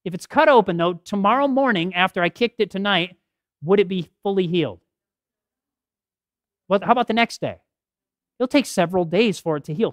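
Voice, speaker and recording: A middle-aged man giving a health talk at a church podium, telling stories with lively acted quotes. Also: sits high, no echo, clean studio sound. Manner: animated storytelling with acted quotes. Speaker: health seminar speaker. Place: church hall. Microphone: podium mic.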